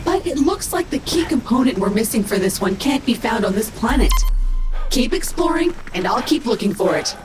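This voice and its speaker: Bubbly, wry AI sidekick. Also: female voice, on the high side, big pitch swings, background noise. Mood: chipper. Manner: bubbly, quick and dryly businesslike. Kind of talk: video game voice acting. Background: game music.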